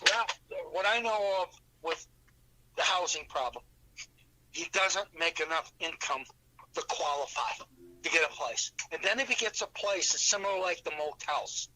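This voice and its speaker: A man's voice: fairly high pitch, animated, moderate pace, bright, forceful tone, low-quality recording. A man on a call, explaining at length in a rambling way. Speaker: family caregiver. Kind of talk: phone conversation.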